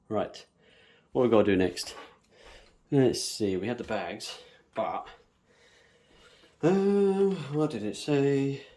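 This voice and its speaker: A man's voice: medium pitch, big pitch swings, slow, long pauses, warm tone. A man casually talking viewers through a hands-on planting tutorial, chatty and humming little nonsense syllables as he works. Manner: chatty, talks to viewers while working, hums nonsense syllables. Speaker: bonsai planting demonstrator.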